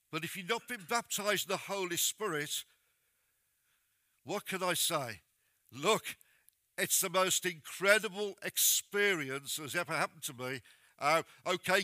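High, bright-voiced male preacher. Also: no room sound. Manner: plain-spoken, direct exhortation to the congregation. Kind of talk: sermon.

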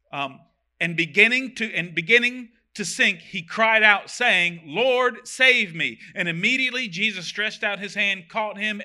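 Bright, high-voiced man preaching. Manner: animated, reads verses then comments with jokes. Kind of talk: sermon with scripture reading.

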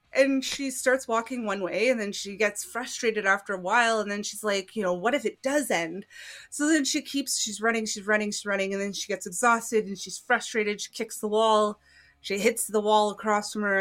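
A woman in her thirties co-hosting a casual movie review podcast, retelling the plot in an animated way with lots of "like". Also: medium pitch, normal speed. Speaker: podcast co-host.

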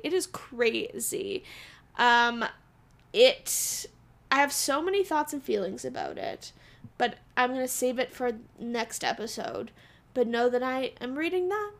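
A woman's voice: fairly high pitch, lively intonation, unhurried, vocal fry. A young woman from Alberta, co-host of a podcast, chatting in a bubbly way and laughing often. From Alberta, Canada. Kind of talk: casual chat.

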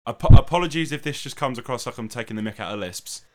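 Young male comedy-podcast host, lively pitch, playful self-mocking chat. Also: fast talker. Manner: playful, jokey, self-deprecating. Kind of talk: casual chat.

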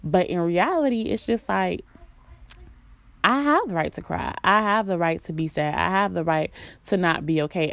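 A young woman pours out a candid, confessional monologue, leaning on filler words and dropping swears without pause. Her voice sits a touch on the low side. The sound is close and dry, with no room around it. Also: gravelly, fairly bright tone, dry recording. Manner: candid and raw, heavy filler "like", swears freely; sings snatches of songs between talking. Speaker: vlogger. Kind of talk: casual confessional chat.

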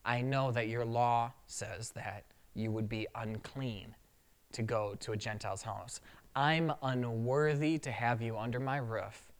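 A pastor voicing a humble, respectful Roman centurion in a sermon retelling, speaking low and earnestly. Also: a little slow, lightly acted. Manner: low, quiet, earnest pleading. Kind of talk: sermon retelling with acted quotes.

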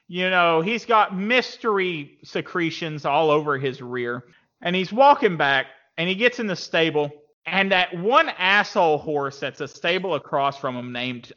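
A man telling a crude comic story in an animated, casual way, in a dull lo-fi recording. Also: fairly high pitch.

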